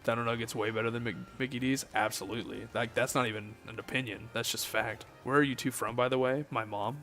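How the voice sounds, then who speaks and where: A relaxed man with a Southern US drawl hosts a late-night game stream, joking with his chat between tasks. His voice sits in an ordinary middle register, and faint music plays under his talk. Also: medium pitch, fast. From Southern United States. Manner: relaxed, joking, chatting with viewers.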